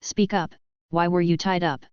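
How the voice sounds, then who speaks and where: A woman's voice: on the low side, fairly even intonation, normal speed, clean tone, no room sound, highs cut off, natural voice. A woman reading the lines of a cold, blunt young man in an audiobook, curt and offhand.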